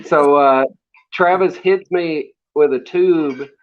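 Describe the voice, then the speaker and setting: Speaking slowly in a fairly high voice, a man tells casual stories as an interview guest, easygoing and meandering, with fillers and quiet laughs. The recording has a dull, lo-fi quality.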